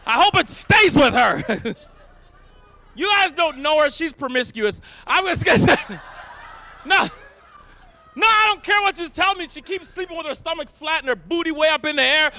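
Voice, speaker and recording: A man performing a stand-up comedy set, telling animated stories and shouting his punchlines. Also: very high voice. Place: live event stage.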